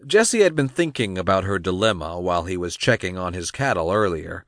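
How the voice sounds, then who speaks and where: Man, audiobook narrator, low pitch, expressive storytelling, dry close mic. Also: brisk, dry recording. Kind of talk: scripted narration.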